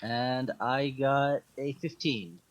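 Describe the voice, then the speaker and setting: A man playing a tabletop game, making quick, dry remarks. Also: mid-range voice, dull audio. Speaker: player. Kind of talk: casual tabletop play.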